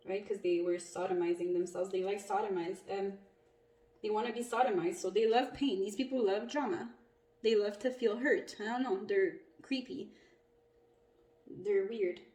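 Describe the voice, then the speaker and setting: A woman with a warm, mid-range voice gives a casual, blunt tarot reading, swearing freely and laughing often. The recording is in an echoey room with a distant mic and faint noise.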